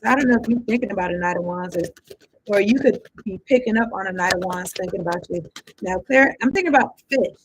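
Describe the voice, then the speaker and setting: A woman's voice: mid-range voice, a little fast, husky, low-quality recording. A woman giving a casual tarot reading. She rambles and thinks aloud in loose slang, with some swearing. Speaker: tarot card reader.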